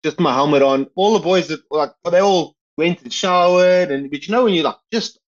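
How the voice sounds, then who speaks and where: A man's voice: a little high, normal speed, muffled recording. A man from South Africa, a professional cyclist, telling stories in a casual interview, rambling with many fillers and restarts. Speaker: guest, retiring pro cyclist.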